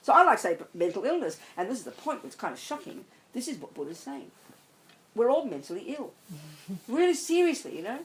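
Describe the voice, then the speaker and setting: A woman's voice: a little high, very animated, fairly quick, a little hiss or hum, poor audio. A woman, a Buddhist nun, giving an emphatic, blunt dharma talk to a group. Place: meditation centre hall.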